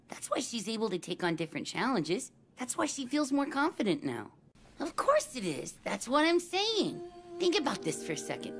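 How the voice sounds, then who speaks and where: A man's voice: very high-pitched, exaggerated voice. A man voicing a brash, wisecracking teenage schoolboy in an anime dub, teasing and smart-mouthed. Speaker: voice actor. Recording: dub clips over loud music. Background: background music.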